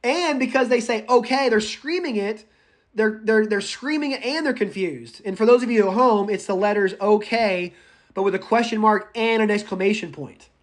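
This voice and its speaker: A man's voice: high voice, normal speed. Chatty male public speaking teacher. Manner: chatty and animated, addresses students by name; goes off on tangents. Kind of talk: live class lecture.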